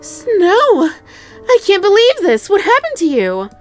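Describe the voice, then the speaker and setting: A woman's voice: sits high, big pitch swings, fairly quick, faint music behind, voice pushed up. A woman voicing a terrified young noble lady in a game, crying and screaming for help. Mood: panicked sobbing.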